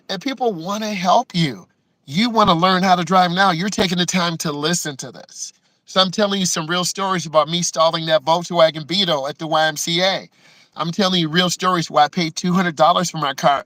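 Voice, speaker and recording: In a dry, low-quality recording, a driving instructor with a fairly high, sharp voice tells personal stories to the camera. Emotional and close to tears, he acts out quotes and tags many lines with "right?".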